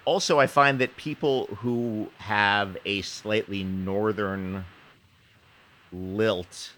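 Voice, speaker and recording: A male podcast host with a bright, forceful voice pitched a little low. He chats enthusiastically and laughs easily with his guest. Faint noise sits under the recording. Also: fairly even intonation, slow. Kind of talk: conversational interview.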